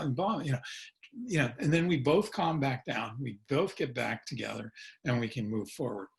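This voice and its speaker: A man's voice: medium pitch, a little fast, gravelly. A middle-aged man presenting a webinar as a consultant and educator, folksy and chuckling, punctuating his points with "okay?" and acting out sample phone dialogue.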